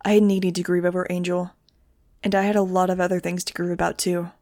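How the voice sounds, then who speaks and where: A woman reading a novel aloud in the first person, with a steady, measured delivery. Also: on the low side, no room sound, studio quality. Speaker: audiobook reader.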